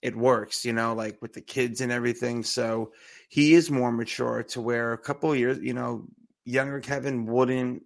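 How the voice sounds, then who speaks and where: Male podcast co-host, gravelly fry, laid-back casual chat. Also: medium pitch, fairly even intonation, moderate pace. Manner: laid-back, laughs often, fillers.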